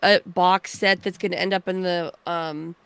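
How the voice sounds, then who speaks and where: A woman's voice: lowish voice, level tone, normal speed, gravelly, a bit bright, clear, resonant tone, no echo. A woman co-hosting a casual podcast in a playful, giggly way, reading news items aloud. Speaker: co-host.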